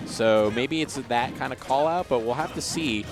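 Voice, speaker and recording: A man commentating a fighting game tournament in casual chat with a co-caster, animated and quick to jump up in pitch when excited. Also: over music. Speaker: esports commentator.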